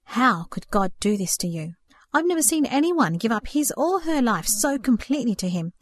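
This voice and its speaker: A woman's voice: fairly high pitch, lively intonation, brisk. A woman voicing a grieving young man in a storybook reading, stormy and pleading. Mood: angry grief. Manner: stormy, pleading, breaking into sobs.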